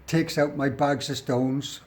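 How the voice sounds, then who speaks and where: Speaking slowly in a medium-pitched, somewhat mellow voice with fairly even intonation, a working-class man from England rambles through his own prison story. He's blunt, swears freely and keeps drifting into the present tense, with slight background noise behind him.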